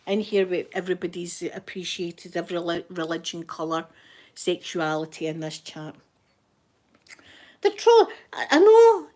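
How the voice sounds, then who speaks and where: A woman with a broad Glasgow accent chats loosely to her viewers, rambling from one thought to the next. Her voice sits in a middle pitch, and she drops Scots words in as she goes. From Scotland. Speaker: channel host. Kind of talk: casual livestream chat.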